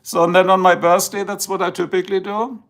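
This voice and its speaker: A middle-aged man with a German accent hosts a livestream soon after waking, chatting and rambling while switching between English and German. His high voice stays level in tone, fairly quick and fairly bright.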